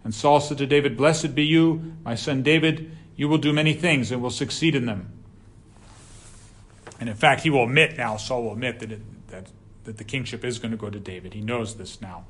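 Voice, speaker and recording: A man's voice: mid-range voice, brisk, fairly bright tone. A man teaching a Bible class in a conversational, digressive way, reading passages aloud and then explaining them. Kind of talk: scripture class lecture.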